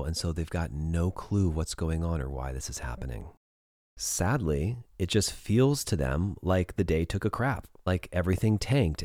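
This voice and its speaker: Deep, mellow-voiced male podcast host. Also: no room sound, clean studio sound. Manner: measured, explanatory, slows for emphasis. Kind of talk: solo relationship advice monologue.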